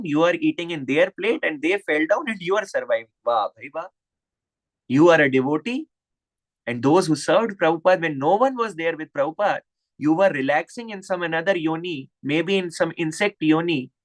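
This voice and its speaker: A man's voice: a little high, rough recording. A man with an Indian English accent giving a devotional lecture over an online video call, impassioned and scolding with rhetorical questions. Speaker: spiritual teacher.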